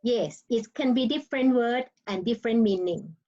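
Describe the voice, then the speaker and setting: A woman with a Thai accent leads an online language lesson. She speaks non-native English with a fairly high voice and carefully sounds out words tone by tone. The video-call audio is a bit muffled. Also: expressive, moderate pace, warm tone. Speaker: language teacher.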